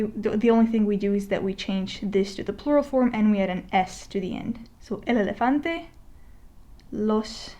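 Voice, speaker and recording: A woman teaching a Spanish lesson as a voice-over, talking in a relaxed, conversational way with fillers and restarts, slowing down to spell out example words. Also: fairly high pitch. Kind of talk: explaining a lesson over a digital whiteboard. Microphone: voice-over recording.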